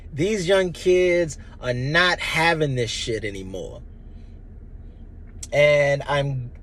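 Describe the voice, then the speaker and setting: A man in his thirties giving an impassioned, blunt personal monologue, emphatic and profane. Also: fairly high pitch. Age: 30s. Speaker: vlogger.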